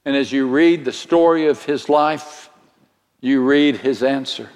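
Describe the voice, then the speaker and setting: Slow, dramatic preacher in a reverberant hall. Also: male voice, darkish tone. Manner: slow, dramatic delivery with sudden swells in pitch. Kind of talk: sermon.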